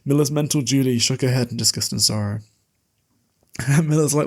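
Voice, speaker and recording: Casual man recapping a book. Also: mid-range voice. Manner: loose, laughing, with fillers and quick paraphrased quotes. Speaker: podcast host. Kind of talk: casual book recap mixed with reading aloud.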